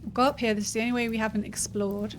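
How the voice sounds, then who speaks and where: A woman's voice: on the high side, steady tone, racing. A woman casually commenting while she plays a fantasy game and reads dialogue options aloud. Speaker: streamer playing a game. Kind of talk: casual let's-play commentary. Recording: faint background noise.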